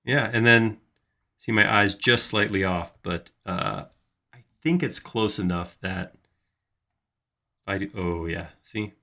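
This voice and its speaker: A man's voice: lowish voice, takes it slowly, long pauses, pushed and bright. A man hosting a live 3D modeling tutorial, casually thinking aloud as he works. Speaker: host modeling in 3D software.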